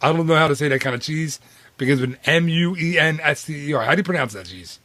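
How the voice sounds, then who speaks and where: A man's voice: fairly high pitch, fast talker, pushed and bright, dry recording. A man in his late thirties or forties, co-hosting a podcast in a chatty, rambling way, with lots of "dude" and restarts. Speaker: podcast co-host. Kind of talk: casual podcast chat.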